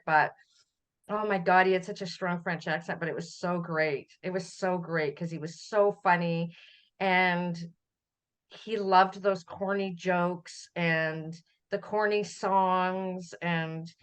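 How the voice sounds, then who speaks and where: A middle-aged Canadian woman, a podcast guest, telling family memories in a relaxed conversational way, often laughing as she recalls. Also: on the low side, clean tone. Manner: warm storytelling, laughs while recalling. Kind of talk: conversational interview.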